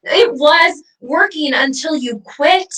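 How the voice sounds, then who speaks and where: A mocking, vengeful ghost, played by a woman taunts her ex in a comedy sketch with quick jabs of wordplay. The voice is bright and a little high, and it sounds distant from the mic.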